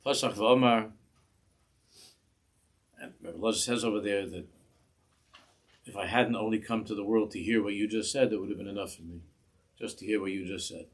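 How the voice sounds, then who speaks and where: Husky, impassioned rabbi giving a class. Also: male voice, lowish voice, steady tone. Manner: impassioned, repeats and restarts words, slows on quoted phrases. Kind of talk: Torah class sermon. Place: synagogue.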